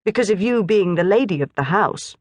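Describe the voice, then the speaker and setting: A woman voicing a clever, smooth-talking English schoolboy who sounds earnest and overly polite. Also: medium pitch, animated, a little fast, a little mellow, no echo, clean studio sound, pitched above the performer's own voice, natural voice. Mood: ingratiating.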